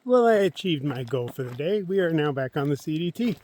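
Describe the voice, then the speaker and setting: A man vlogging outdoors on a mountain trail during a solo thru-hike, chatting casually to himself and his viewers in a relaxed way. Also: a little high, brisk, a little hiss or hum. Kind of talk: casual vlog narration while hiking.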